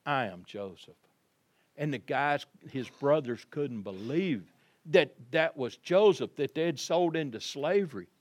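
Animated and a little slow, with a voice on the high side, this pastor gives an Easter sermon. He narrates vividly, speaks directly to the congregation, and swings from hushed moments to loud emphasis.

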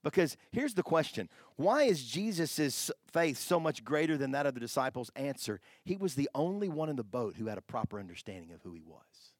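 Pastor preaching, gets loud then goes quiet, dry close sound. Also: male voice, mid-range voice, a little fast, hardly any pauses, no room sound. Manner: animated, swings from hushed to loud exclamations. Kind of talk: sermon.

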